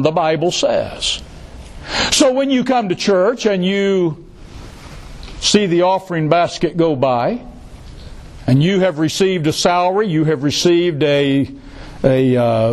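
A man's voice: a little high, a little mellow. A male pastor preaching a sermon, who repeats key phrases for emphasis and adds joking asides.

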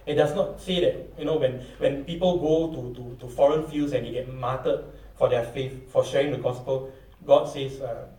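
A man's voice: fairly high pitch, warm tone. Middle-aged guy preaching, reads verses, does little voices of people asking when, kinda far from the mic, echoey room. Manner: reads scripture aloud, acts out voices of questioners. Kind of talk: sermon.

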